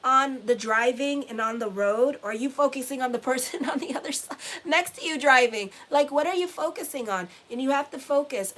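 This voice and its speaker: Her high, slightly bright voice carries a casual pep talk to viewers. She's a middle-aged woman of Haitian heritage who works as an astrologer and tarot reader, speaking bluntly, swearing without restraint and repeating herself for emphasis.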